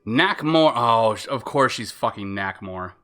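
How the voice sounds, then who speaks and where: A man gaming on stream, talking in a loose, rambling way and often restarting his sentences. His voice is bright and forward, at a middle pitch for a man. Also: expressive, measured pace, soft background music. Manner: rambling, chatty, lots of fillers and self-interruptions. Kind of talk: casual live-stream commentary.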